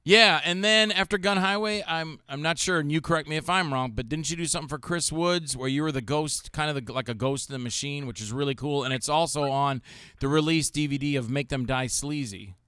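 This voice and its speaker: A man hosting a casual talk show, telling animated stories and acting out what others said. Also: fairly high pitch, a little fast, smooth, dry recording, clean studio sound. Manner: animated storyteller, acts out quotes of others. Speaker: show host. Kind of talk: casual chat with jokey impressions.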